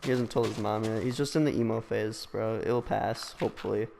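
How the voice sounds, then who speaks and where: A man's voice: on the low side, fairly even intonation, a little fast, vocal fry, a little mellow, long reverb tail, a little hiss or hum. A young man hosting a gaming session, teasing a friend with crude jokes and frequent laughter. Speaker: gaming channel host. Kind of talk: casual gaming banter.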